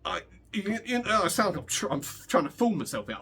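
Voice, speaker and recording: A man's voice: high voice, very animated, brisk, vocal fry. A young man chatting casually as a guitar vlogger while he practices, rambling and joking with many restarts. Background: guitar playing.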